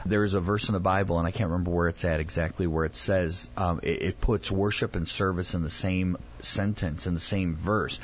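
A man's voice: low-pitched, a little fast, few pauses. A man teaching through a Bible passage in a conversational way, often acting out the people he quotes. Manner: animated, acts out quoted voices. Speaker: Bible teacher on a radio program. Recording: dull lo-fi sound.

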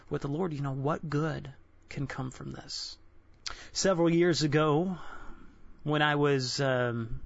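A man in his twenties giving an earnest, candid personal devotional sermon, halting and restarting often. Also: on the high side, fairly bright tone, dry recording. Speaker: Christian devotional speaker. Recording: dull lo-fi dry recording.

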